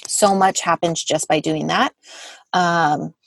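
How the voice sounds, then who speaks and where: A woman's voice: lowish voice, steady tone, slow pace, gravelly, a bit bright. A woman in her thirties, a therapist and mother, telling a story in a casual interview, chatty and full of "like" fillers. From Southern California. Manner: chatty, many "like" fillers, acts out quotes. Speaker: guest therapist and parent.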